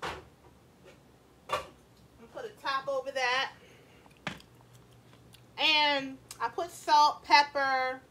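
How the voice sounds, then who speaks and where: A woman's voice: sits high, fairly even intonation, drawn-out words, long pauses, sharp tone, slight background noise. A woman cooking at home, chatting to her viewers in a casual way, often saying "y'all" and asking them questions. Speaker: cooking vlogger. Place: home kitchen.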